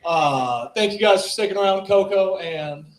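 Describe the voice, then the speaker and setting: A man's voice: high voice, moderate pace. A man doing a loose, improvised stand-up set, chatting with the crowd at an open mic. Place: small comedy club stage. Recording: echoey club room.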